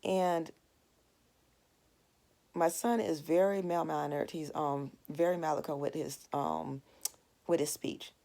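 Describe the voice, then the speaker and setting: A woman's voice: deep voice, fairly even intonation, unhurried, vocal fry, long pauses, mellow. A woman in her forties teaching a devotional Bible lesson in a conversational, earnest way, telling a family story to make her point. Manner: earnest, storytelling with plain everyday asides.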